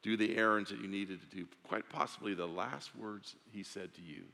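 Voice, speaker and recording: This male pastor's voice is lowish and gravelly, moving at normal speed through an earnest, conversational sermon. He restarts lines and lets them drop softly, all echoing in the church sanctuary.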